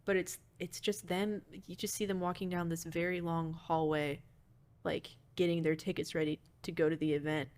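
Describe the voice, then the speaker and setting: A woman co-hosting a podcast, talking in a loose, chatty way. She fills her talk with "like" and "uh" and laughs often. Her voice sits a little low for a woman. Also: flat delivery, normal speed, a little mellow. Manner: chatty, many fillers and laughs. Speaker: podcast co-host. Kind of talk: casual chat about a movie.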